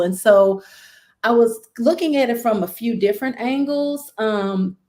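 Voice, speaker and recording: Speaking at a moderate pace with a medium pitch, this female talk-stream guest shares a story in earnest, conversational fashion. Her delivery becomes animated during the recounting.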